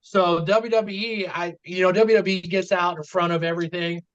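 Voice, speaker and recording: A man co-hosting a casual wrestling talk show, calmly explaining background details with some fillers. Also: high voice, moderate pace. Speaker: podcast co-host. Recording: dull lo-fi mic.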